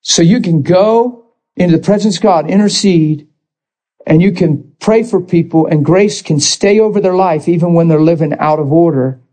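A man's voice: on the high side, normal speed, warm tone. A man preaching a sermon, impassioned and rising to emphatic bursts.

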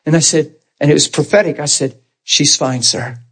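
A man preaching a sermon, telling stories in an animated way and jumping up in pitch when he acts them out. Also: moderate pace, husky. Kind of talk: storytelling sermon.

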